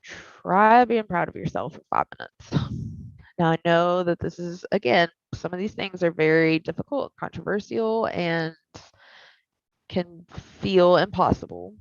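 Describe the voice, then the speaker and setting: A woman therapist teaching a skills class in a candid, animated, conversational way. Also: fairly low pitch, a little slow, creaky, no room sound. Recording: dull lo-fi recording.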